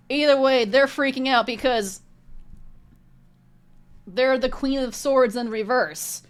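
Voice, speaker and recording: A woman's voice: high voice, slow pace, long pauses, clear, resonant tone. A woman reading tarot cards in a vlog, talking bluntly and indignantly with heavy profanity. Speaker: tarot reader.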